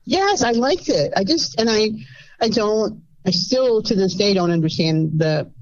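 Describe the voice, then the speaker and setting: A woman's voice: mid-range voice, measured pace, highs cut off. Rambling caller, woman in her fifties. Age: 50s. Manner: rambling, animated, acts out others' voices. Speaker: anonymous caller. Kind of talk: casual storytelling.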